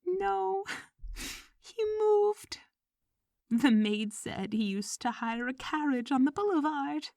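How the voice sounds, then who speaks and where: A woman reader voicing a tearful, practical middle-aged woman, speaking high and shaky in an audiobook story. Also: expressive, slow pace, vocal fry, darkish tone, no echo, clean studio sound, exaggerated voice. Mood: anxious.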